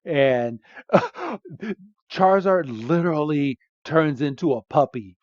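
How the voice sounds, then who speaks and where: A man hosting a podcast, retelling a movie scene by scene in a casual, animated way with frequent fillers. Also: fairly high pitch, slow, no room sound, muffled recording. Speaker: podcast host. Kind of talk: casual movie recap chat.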